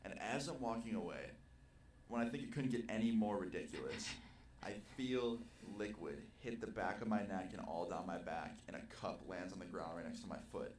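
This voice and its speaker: Young man, low-ish voice, animated storyteller who swears freely, casual vlog, played back roomy and far off. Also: moderate pace. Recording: roomy, distant video playback with faint noise.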